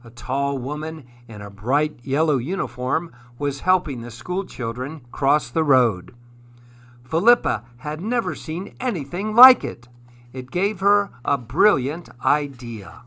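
A man narrating a children's story in a gentle, expressive way. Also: a little high, unhurried.

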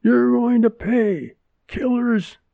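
A man's voice: extremely high pitch, slow pace, vocal fry, dry recording, voice pushed up, exaggerated voice. A man voicing a furious woman neighbor who screams accusations, in a dull lo-fi recording. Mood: shrieking.

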